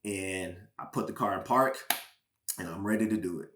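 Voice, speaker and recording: A man from Georgia, a former pro football player, sharing a personal testimony as a podcast guest with earnest, halting emotional storytelling. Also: deep voice, fairly bright tone, echoey room, a little hiss or hum. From Georgia, USA.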